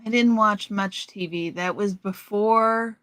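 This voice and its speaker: Middle-aged woman host, unhurried and rambling, bright tense tone, dry close sound. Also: medium pitch, dry recording. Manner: chatty, slow, rambling with restarts. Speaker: live stream host. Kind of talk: casual live stream chat, reading out viewer comments.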